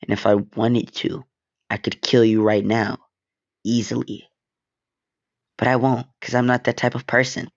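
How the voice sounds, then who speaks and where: A man's voice: medium pitch, flat delivery, dull audio, close to an everyday voice. A man doing a coldly menacing teenage boy. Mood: mocking threat. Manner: threatening, sneering, drawn-out menace. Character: vengeful menacing teenage boy, cold and mocking.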